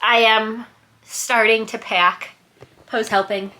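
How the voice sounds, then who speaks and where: Bright-voiced woman gushing excitedly. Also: medium pitch, a little slow. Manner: gushing, excitable, lots of "like" and "oh my God". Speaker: book vlogger. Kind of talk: casual vlog chat. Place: at home, bathroom after shower.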